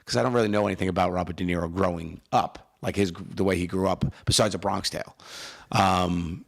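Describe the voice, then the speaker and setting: A man in his forties co-hosting a podcast, telling stories in a rapid, animated way. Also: sits low, creaky. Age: 40s. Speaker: podcast co-host. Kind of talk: casual podcast chat.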